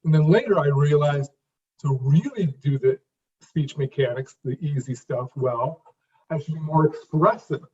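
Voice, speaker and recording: A man in his fifties, an interview guest, speaking in a halting way with restarts and repeated words, then landing his phrases with emphasis. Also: a little high, a little mellow. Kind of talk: conversational interview. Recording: distant, dull lo-fi sound.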